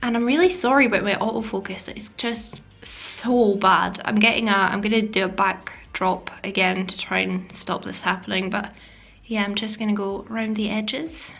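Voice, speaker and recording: Chatty beauty vlogger with a creaky voice. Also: female voice, medium pitch, steady tone, normal speed, a bit bright, soft background music. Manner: chatty, self-deprecating, drops into whispers. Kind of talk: makeup tutorial voice-over. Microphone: voice-over mic.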